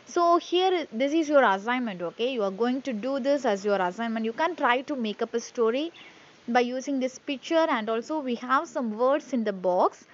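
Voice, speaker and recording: A woman teacher, slowly drilling phrases and repeating each one for her class. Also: a little high, lively intonation, lo-fi sound. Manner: slow drilling repetition, reads phrases twice. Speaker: English teacher. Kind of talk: classroom lesson reading aloud.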